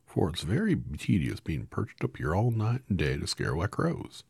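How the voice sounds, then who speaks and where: A man voicing a friendly, naive talking scarecrow with a husky voice in a read-aloud storybook. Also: low-pitched, wildly swooping pitch, moderate pace, darkish tone, no room sound, pitched above the performer's own voice, full character voice. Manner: cheerful, polite, naive. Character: friendly talking male scarecrow, simple and polite.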